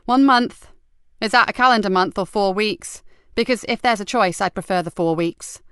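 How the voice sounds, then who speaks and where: A woman's voice: medium pitch, normal speed, fairly bright tone, smooth, no room sound, studio quality, natural voice. Sardonic hard-bitten police inspector, voiced by a woman. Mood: wry. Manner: sardonic, bristling. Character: hard-drinking defiant female police inspector. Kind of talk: audiobook character voice.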